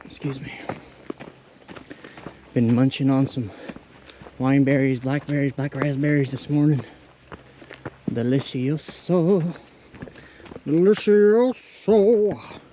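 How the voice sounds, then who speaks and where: A man's voice: medium pitch, steady tone, takes it slowly, long pauses, mellow, a little hiss or hum. A young man vlogging casually while hiking outdoors on a rural trail, rambling and easily delighted, talking into a handheld camera. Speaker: thru-hiker vlogger.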